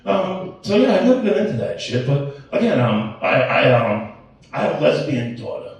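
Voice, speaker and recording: A stand-up comedian in his late forties performs a crude, rambling open-mic set, swearing heavily and interrupting himself. His medium-pitched voice swings widely at normal speed, picked up from a distance in an echoey room.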